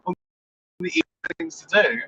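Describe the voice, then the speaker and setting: A man rambles to his live stream from behind the wheel, dry and sarcastic, swearing freely. His voice sits a little high for a man. The recording is muffled and lo-fi. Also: expressive, fairly quick, pushed and bright, slightly rough. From England. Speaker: vlogger. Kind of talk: casual live-stream driving monologue. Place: inside a car while driving.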